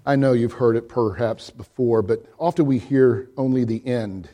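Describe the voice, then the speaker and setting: A male pastor giving a sermon, swinging from loud, high swells to quiet, hushed drops, and reading a story aloud with voices. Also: moderate pace.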